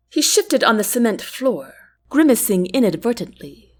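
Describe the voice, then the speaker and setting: A woman narrating a novel chapter in a clear, even, storybook reading. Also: medium pitch, measured pace. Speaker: audiobook narrator.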